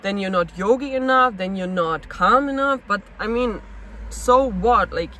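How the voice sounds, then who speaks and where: Woman vlogging to camera, bright sharp voice, restless, keeps firing questions at herself. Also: medium pitch, unhurried, slight background noise, poor audio. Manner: searching, restless, asks herself many questions. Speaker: actress and vlogger. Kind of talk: personal confessional vlog.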